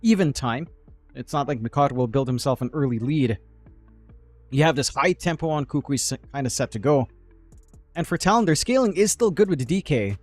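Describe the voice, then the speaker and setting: A man's voice: mid-range voice, animated, brisk, soft background music. A man commentating a live esports match, breaking down the game analytically and joking with his co-caster.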